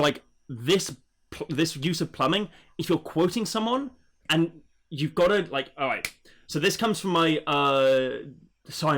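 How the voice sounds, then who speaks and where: A man doing a casual livestream book review, rambling with many fillers and quick laughs. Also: mid-range voice, a bit bright.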